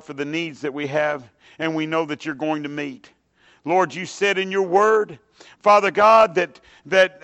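A man preaching and then leading a prayer in church, fervent and casual, swelling loud on scripture and dropping soft in prayer. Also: high voice. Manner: casual asides like "dude" and "hey, man". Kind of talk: sermon and spoken prayer. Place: church sanctuary with a standing congregation.

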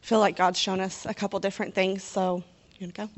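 A woman's voice: medium pitch, flat delivery, quick pace. A nervous woman speaks in church, near tears, talking freely without notes. Her testimony is casual and full of small fillers. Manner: talkative and unscripted, with fillers. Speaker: church member giving a testimony.

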